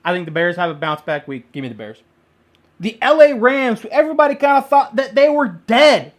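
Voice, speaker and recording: A man giving his weekly football picks in a casual monologue. He talks bluntly and excitably, with jokes and the odd loud burst. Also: extremely high pitch, fairly quick, lo-fi sound. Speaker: sports picks vlogger.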